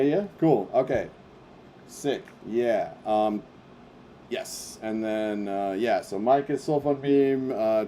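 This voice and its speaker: A man's voice: lowish voice, warm tone, slight background noise. A man hosting a casual livestream meetup, wrapping up in a loose, rambling way with lots of fillers and slang. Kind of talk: casual livestream wrap-up chat.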